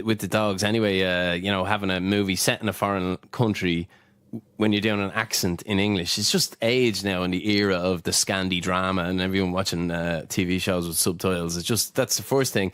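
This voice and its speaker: Animated, rambling man, dry close mic. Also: on the low side, clear, resonant tone, dry recording. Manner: animated, rambling, with many fillers and restarts. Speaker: podcast co-host. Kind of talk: casual chat.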